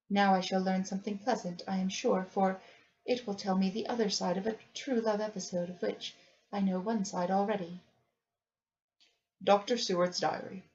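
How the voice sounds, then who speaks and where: Woman reading a classic novel aloud, calm and measured, muffled sound. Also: medium pitch. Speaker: audiobook reader. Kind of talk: scripted narration. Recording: dull lo-fi recording.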